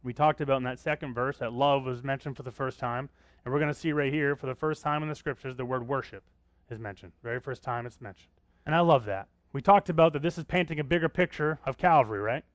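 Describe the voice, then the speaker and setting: A man's voice: mid-range voice, fast, no room sound. A man preaching a sermon as pastor, talking conversationally and often asking the congregation questions.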